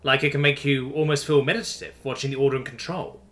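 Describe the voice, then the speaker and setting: A man voicing an easygoing young human man who talks softly and gently, coaxing a wary animal. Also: mid-range voice, fairly even intonation, fast, close to an everyday voice. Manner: soft, coaxing, casual. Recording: faint music underneath.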